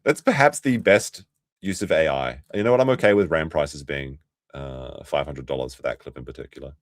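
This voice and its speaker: A man's voice: rumbling low, brisk, dry recording, clean studio sound. A man from Australia with a light Australian accent, streaming sarcastic commentary on clips. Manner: sarcastic, mocking, swears. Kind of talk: casual commentary.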